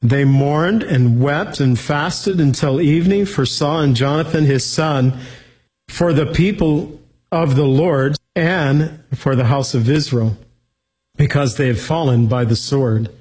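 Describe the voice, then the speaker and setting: A man's voice: fairly high pitch, unhurried, a little mellow, breathy edge, rough recording. A man giving a verse-by-verse Bible teaching, reading scripture aloud and then explaining it plainly.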